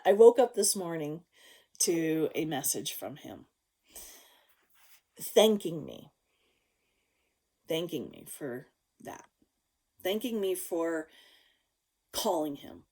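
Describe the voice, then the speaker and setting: A woman vlogger telling a personal story to her viewers, frank and casual, swearing freely, swinging between loud outbursts and hushed asides. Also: low-pitched, expressive, slow pace, pauses often.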